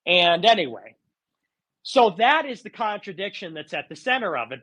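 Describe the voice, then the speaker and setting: Man, fairly high voice, heated argumentative monologue, insistent, live audio chat. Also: a bit bright. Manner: argumentative and insistent, with mocking put-on quotes.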